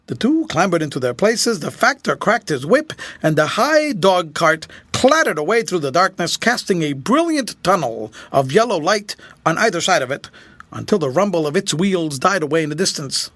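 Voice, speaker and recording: Expressive male audiobook narrator, lively pitch. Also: normal speed, dry recording.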